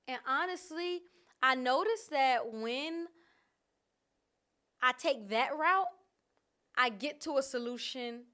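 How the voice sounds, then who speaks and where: A woman vlogger talking candidly to camera in a casual, reflective way, expressive and often laughing. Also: high voice.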